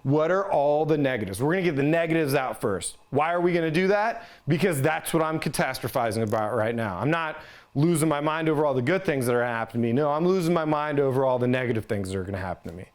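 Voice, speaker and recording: A man's voice: medium pitch, expressive, fast. A man giving an instructional talk on resiliency, conversational and plain-spoken, checking in with listeners as he explains. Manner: conversational, ends points with "right?". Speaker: resiliency trainer.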